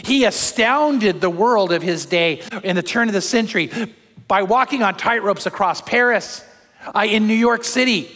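An older man, a pastor, preaching a sermon in a church, telling stories with animated shouts. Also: high-pitched, normal speed. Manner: animated storytelling, acts out crowd shouts. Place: church sanctuary. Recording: long hall reverb.

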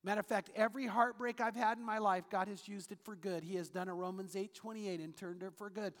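A man's voice: sits high, fairly even intonation, fast talker, fairly bright tone. A man preaching a sermon as pastor, earnest and storytelling, reading scripture aloud in a church auditorium. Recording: long hall reverb.

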